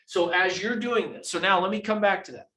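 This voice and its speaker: A man's voice: high voice, fairly quick, pushed and bright. A man teaching a live real estate training class who acts out examples as he explains them. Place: training room. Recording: echoey room.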